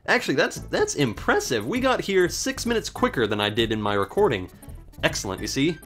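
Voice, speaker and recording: Gamer guy narrating his playthrough, sarcastic and swearing, pitch all over the place, faint game music under him. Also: very animated, fairly quick, a bit bright. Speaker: let's play host. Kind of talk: casual gameplay commentary.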